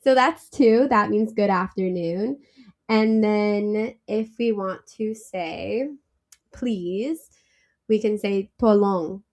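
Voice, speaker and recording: A woman's voice: mid-range voice, slow. Chatty woman guest on a travel podcast. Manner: chatty and animated, laughs easily. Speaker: guest, travel company founder. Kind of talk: casual interview.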